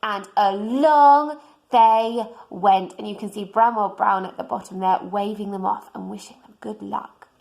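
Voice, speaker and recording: A woman reading a children's storybook aloud in a gentle way, pointing out the pictures to young listeners. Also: mid-range voice, fairly even intonation, unhurried, gravelly, poor audio.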